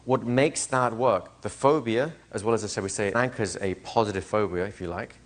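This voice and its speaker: A man lecturing a live class as a hypnosis trainer, animated, asking the room questions and acting out little scenes. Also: on the low side, normal speed.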